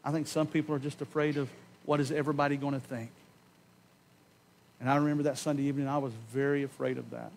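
A man preaching a sermon in a church, giving an impassioned personal testimony that swings from loud emphasis to hushed tones and slows on key words. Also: medium pitch, level tone, vocal fry, a little hiss or hum. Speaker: pastor. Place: church sanctuary.

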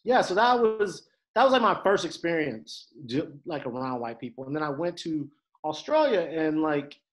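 A man in his thirties from Detroit, a guest on a podcast, telling stories in a lively, animated way and acting out the voices of the people in them. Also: on the high side, moderate pace, low-quality recording. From Detroit, USA. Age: 30s. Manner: animated storyteller, acts out quoted voices. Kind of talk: casual conversation, storytelling.

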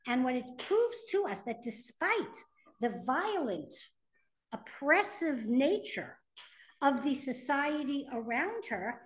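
A woman teaching a class, reading sources aloud and translating them as she explains. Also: high voice. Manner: animated, reads Hebrew text then translates. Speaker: Torah teacher. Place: classroom with students.

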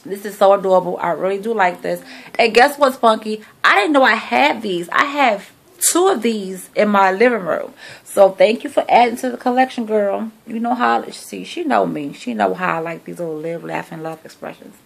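A middle-aged vlogger speaks at a medium pitch and moderate pace, her voice marked by vocal fry. She's at home, recording on her phone and sassily chatting to camera about her shopping haul as though her viewers were friends.

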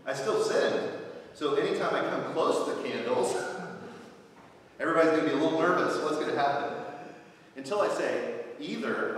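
A man's voice: a little high, expressive, normal speed, pauses often. A man preaching as pastor, telling a playful story in a conversational way with light laughs, in a church sanctuary. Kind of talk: sermon. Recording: distant, echoey church hall.

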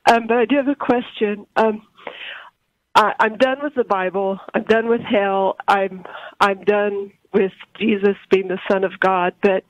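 A woman's voice: mid-range voice, fairly even intonation, a little slow, no echo. A woman in her late forties calling in to a talk show, hesitant and stammering, with many restarts. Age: 40s. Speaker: caller. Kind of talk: call-in phone conversation. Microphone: telephone. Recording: dull phone line.

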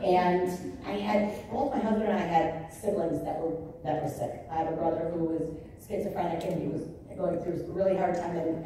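A woman's voice: low voice, mellow, a little hiss or hum. A middle-aged woman giving a candid keynote speech to a live audience, telling a personal story and acting out her own past words. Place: large indoor conference hall. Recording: echoey hall recording from far off.

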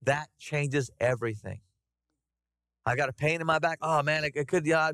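Animated pastor. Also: male voice, fairly high pitch, moderate pace, dry recording, clean studio sound. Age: middle-aged. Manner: conversational, animated, addressing the congregation. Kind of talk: sermon. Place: church sanctuary.

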